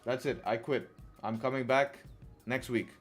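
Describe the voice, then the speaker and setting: A man's voice: mid-range voice, steady tone, normal speed, soft background music. Chatty man streaming live trades. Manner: chatty, addresses viewers as guys, laughs often in frustration. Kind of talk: live trading commentary.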